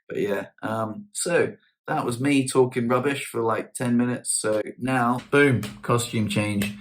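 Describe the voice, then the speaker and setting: A man's voice: medium pitch, steady tone, unhurried, a little hiss or hum. A man vlogging in a casual chat to camera, telling stories with slangy, self-mocking humour.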